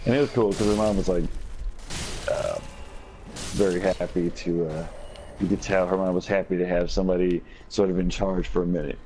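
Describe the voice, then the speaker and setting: A man with a raspy, hoarse voice, telling a long rambling story with many fillers while streaming a game on a headset mic. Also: deep voice, fairly even intonation, moderate pace, warm tone, slight background noise, low-quality recording. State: hoarse from screaming. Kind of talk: casual gaming chat.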